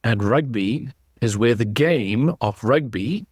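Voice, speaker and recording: A man's voice: medium pitch, lively intonation, slow, a little mellow, husky, no room sound. South African man in his sixties. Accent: South African with some English. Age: 60s. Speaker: guest. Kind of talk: casual interview. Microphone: video call.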